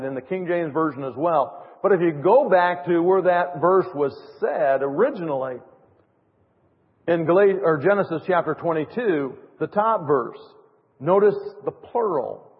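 A man's voice: on the high side, expressive, moderate pace. A man preaching a sermon in an emphatic way, with sarcastic mock quotes. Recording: tinny phone-like audio in a reverberant hall.

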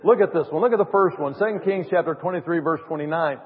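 A man's voice: on the high side, fast. A man preaching a sermon in an emphatic way, with sarcastic mock quotes. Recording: tinny phone-like audio in a reverberant hall.

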